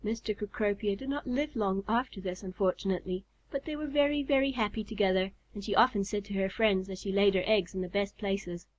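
A woman reading a children's story aloud in a calm, measured way. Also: medium pitch. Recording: slightly muffled recording.

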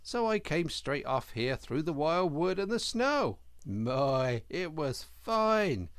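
A man voicing a hearty, cheerful male otter who tells his news in a breezy, excitable way. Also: on the high side, dry recording, voice pushed up.

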